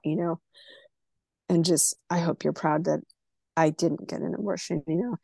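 A woman's voice: fairly low pitch, steady tone, moderate pace, creaky, mellow, slightly rough, no echo, studio quality. A woman from California, a podcast guest, candidly telling a personal story and acting out the dialogue. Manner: candid, emotional, acts out quoted dialogue.

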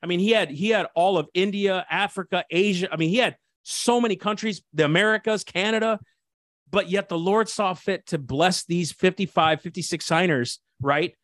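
Assistant pastor guest, fervent and preachy, light higher voice, dry close sound. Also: male voice, moderate pace, fairly bright tone, no echo. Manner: fervent, preachy, frequent restarts and "dude". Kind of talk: impassioned interview talk.

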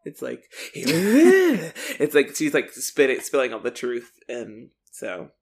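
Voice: mid-range voice, wildly swooping pitch, slow, creaky, husky. Laughing podcast co-host recapping a show. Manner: laughs often, acts out quotes. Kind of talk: casual recap chat.

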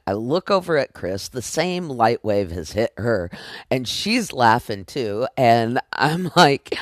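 A man hosting a podcast, telling a personal story in an animated way, often laughing and acting out dialogue with sound effects. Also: mid-range voice, dry recording, clean studio sound. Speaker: podcast host.

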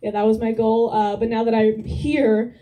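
Deadpan young woman doing stand-up. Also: fairly high pitch, normal speed, far from the mic, rough recording. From New Jersey. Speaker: stand-up comedian. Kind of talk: stand-up set. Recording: live club crowd laughter.

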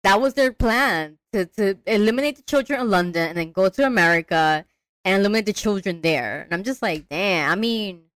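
Young woman cursing and joking about movies, lively up and down voice. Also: medium pitch, fairly quick, no room sound. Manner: animated, profane, acts out characters in quotes. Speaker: podcast co-host. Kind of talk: casual movie chat.

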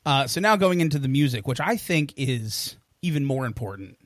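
A man's voice: medium pitch, big pitch swings, normal speed, no echo, clean studio sound. A man co-hosting a music podcast, chatting casually with easygoing, emphatic remarks. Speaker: podcast co-host. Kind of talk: casual music review chat.

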